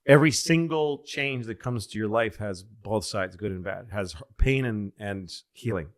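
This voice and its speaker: A man co-hosting a comedy podcast in casual chat, rambling, losing his thread, and loudly acting out the people he quotes. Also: fairly low pitch, normal speed. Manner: rambling, loses his train of thought, acts out quotes loudly. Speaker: podcast co-host.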